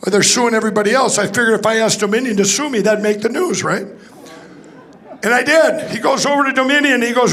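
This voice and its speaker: A man's voice: extremely high pitch, normal speed, fairly bright tone. A man speaking to a conference audience, telling a rambling story with restarts and acting out the dialogue. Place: conference hall stage.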